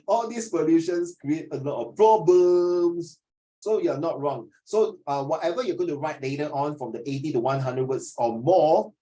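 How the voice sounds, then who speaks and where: Animated, teasing male teacher with a Singaporean accent. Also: a little high. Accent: Singaporean English. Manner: animated, teasing, repeats words. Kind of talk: classroom teaching.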